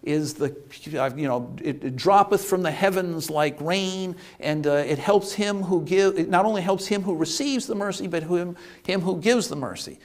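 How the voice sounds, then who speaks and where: A clever young woman disguised as a judge lays out her ruling, voiced by a male lecturer. She speaks in a measured, persuasive manner. The voice is high with a gravelly fry.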